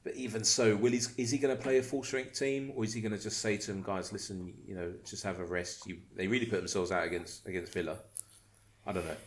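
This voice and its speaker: A man's voice: lowish voice, steady tone, fast talker. A man hosting a casual podcast chat, reading out listener questions, joking and swearing, often tripping over and repeating words. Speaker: podcast host.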